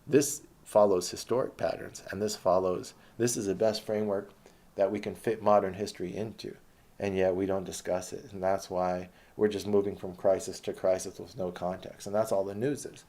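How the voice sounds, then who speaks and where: A man's voice: low voice, flat delivery, moderate pace, warm tone. A man delivering an impassioned political monologue, ranting with frequent restarts and hesitations. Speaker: political commentator.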